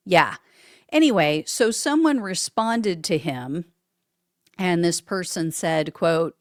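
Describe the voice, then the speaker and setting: A woman's voice: on the low side, animated, slow, no room sound, clean studio sound. A woman hosting a political commentary show, reading out social media posts and answering them with blunt, sarcastic remarks and small laughs. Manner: sarcastic, blunt, laughs at what she reads.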